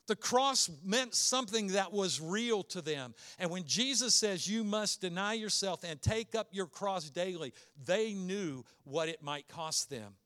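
A man preaching a sermon as a pastor, earnest and emphatic, asking many rhetorical questions and slowing down to stress key words. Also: sits high, pushed and bright.

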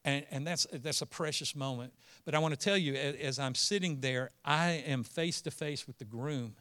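A man preaching a sermon as pastor, moving between quiet storytelling and earnest, emphatic declarations. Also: on the high side, normal speed, clean tone.

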